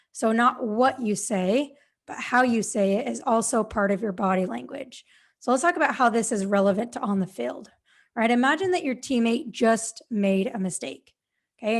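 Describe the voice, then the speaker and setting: A woman's voice: on the high side, vocal fry. A woman hosting a podcast as a confidence coach, giving direct, encouraging instructions and often checking in with the listener.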